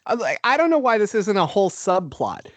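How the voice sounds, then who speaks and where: A man with a slightly raised pitch, chatting casually about movies on a podcast. He laughs often and swears freely, and his voice comes across dry and close to the mic. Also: a little fast, dry recording. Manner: laughing, profane, animated. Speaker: podcast co-host. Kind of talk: casual film discussion.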